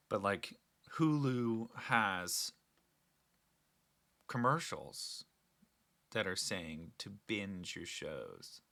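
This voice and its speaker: A man's voice: fairly low pitch, pushed and bright. A young man hosting a casual solo talk, rambling and earnest with frequent restarts. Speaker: podcast host.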